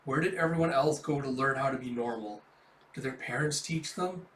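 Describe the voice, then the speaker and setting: A man's voice: mid-range voice, brisk, a bit bright, lightly acted. A man voicing an anxious young mother. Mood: worried. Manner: fretful inner monologue. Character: anxious, earnest young mother, secretly a fighter. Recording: echoey room, mic at a distance.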